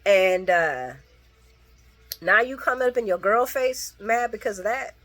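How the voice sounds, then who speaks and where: A woman recapping soap opera episodes in a casual, animated, profane chat, talking straight to her viewers. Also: medium pitch, a little slow. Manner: quoting characters mid-story.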